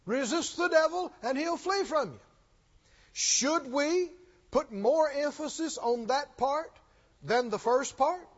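A man's voice: extremely high pitch, animated, takes it slowly. A man preaching a sermon in a church, emphatic and questioning, often repeating his lines. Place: church sanctuary. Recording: dull recording with long hall reverb.

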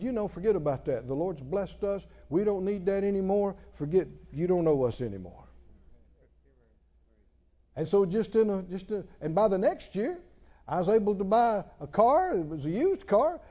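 Man, pastor, sermon, high voice, lively pitch, mellow tone, muffled recording. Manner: emphatic preaching, rising to loud exclamations.

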